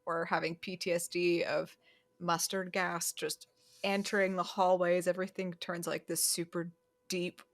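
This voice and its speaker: A woman's voice: on the low side, level tone, normal speed. Chatty woman podcast co-host. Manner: chatty, laughs often, retells scenes with hesitant fillers. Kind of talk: casual chat recapping a horror film.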